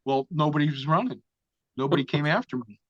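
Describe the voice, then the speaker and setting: A man's voice: fairly high pitch, brisk, a bit bright, dry recording. A man telling a story as an interview guest, casual and full of swearing. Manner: profane, vivid storyteller. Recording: dull, dry lo-fi sound.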